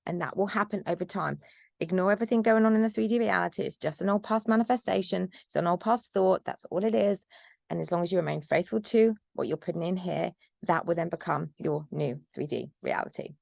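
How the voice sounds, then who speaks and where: A woman's voice: on the low side, brisk, vocal fry, a little mellow, no room sound. A woman manifestation coach speaking insistent, repetitive affirmations and then chatting loosely to her viewers. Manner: emphatic, repetitive self-affirming declarations; loose chatty delivery with many fillers. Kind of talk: spoken affirmations and vlog talk.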